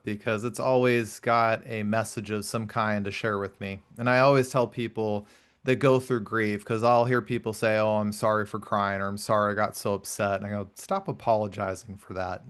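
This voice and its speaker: A man in his thirties hosting a conversational podcast, with a fairly low voice. He is earnest and reflective, weaving personal stories into the talk. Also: fairly even intonation, moderate pace, fairly bright tone, smooth. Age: 30s. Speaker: podcast host. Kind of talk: conversational interview.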